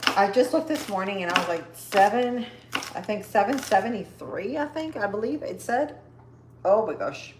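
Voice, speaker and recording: A woman's voice: medium pitch, animated, moderate pace. A woman hosting a casual cooking livestream from her home kitchen, chatting upbeat with viewers while she chops. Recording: echoey kitchen with faint noise.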